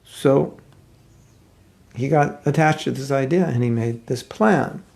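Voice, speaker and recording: Spiritual teacher, very gravelly voice, chatty halting storyteller. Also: male voice, medium pitch, a little mellow. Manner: conversational, halting retelling with asides. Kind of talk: storytelling sermon.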